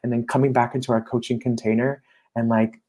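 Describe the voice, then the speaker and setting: Animated man talking about coaching. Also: mid-range voice, brisk. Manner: animated, acts out clients' voices. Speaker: coach, guest. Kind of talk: casual interview chat.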